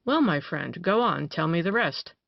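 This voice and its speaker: An audiobook reader voicing a male doctor who soothes and then mocks with sharp irony, on a dry, dull recording. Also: medium pitch, expressive, normal speed, gravelly, dry recording. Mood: soothing. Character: ironic, mocking male doctor.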